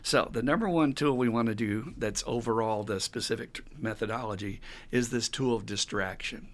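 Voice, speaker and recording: A man hosting a recovery podcast, talking casually and teaching with animated stories. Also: medium pitch, moderate pace. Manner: animated storytelling with acted quotes and frequent laughs. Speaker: recovery counselor and podcast host.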